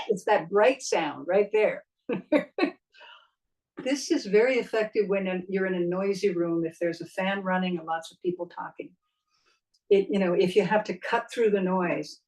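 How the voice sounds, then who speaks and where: A middle-aged woman voice coach giving a spoken lesson, expressive and demonstrating vocal techniques as she talks. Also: medium pitch, recorded from a distance, poor audio.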